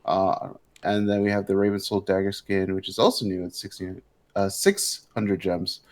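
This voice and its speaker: Young dude, lowish voice, rambly, lots of um and uh, gaming podcast. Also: male voice, normal speed. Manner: rambling, full of fillers and self-corrections. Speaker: podcast co-host. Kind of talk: casual gaming chat.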